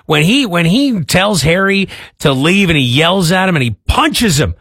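A man's voice: high-pitched, very animated, moderate pace, fairly bright tone, husky, no echo. A man hosting a radio show, chatting casually with listeners and stumbling over his words now and then. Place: radio studio. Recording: dry studio mic with faint music.

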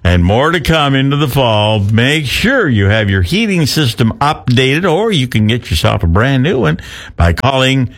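A man's voice: medium pitch, big pitch swings, moderate pace. A man hosting a morning radio show, chatting through an ad read and a funny news story. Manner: chatty, laughing at his own story. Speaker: radio host.

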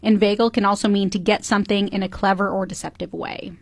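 A woman's voice: mid-range voice, fairly even intonation, fast talker, vocal fry, no echo. A woman co-hosting a radio show, teasing her partner and reading out word definitions. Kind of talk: casual radio banter.

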